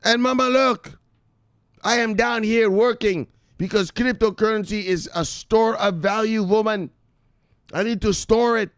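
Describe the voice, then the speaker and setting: A man's voice: sits high, fairly even intonation, a little slow, no room sound, studio quality. A man voicing a grandiose grown son who lectures his mother in a pompous, declaiming way.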